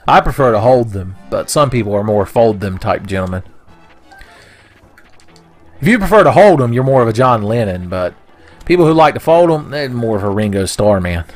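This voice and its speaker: A man's voice: medium pitch, lively intonation, moderate pace, soft background music. A man giving crude, rambling commentary over his own gameplay. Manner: rambling, crude jokes, mock voices for enemies. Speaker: gaming video host.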